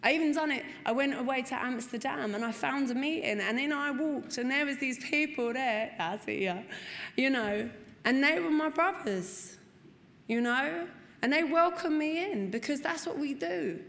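A high-pitched woman with a fairly bright tone speaks at a moderate pace, giving testimony to a recovery meeting in a meeting room. Candid and earnest, she swears freely and repeats herself for emphasis, with a long hall reverb and faint ambience around her.

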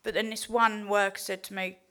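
English woman telling her recovery story, swears a lot, very candid and lively. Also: medium pitch, fairly quick. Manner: blunt, candid, swears freely; heartfelt, animated storytelling. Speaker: recovery speaker. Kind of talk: personal recovery testimony.

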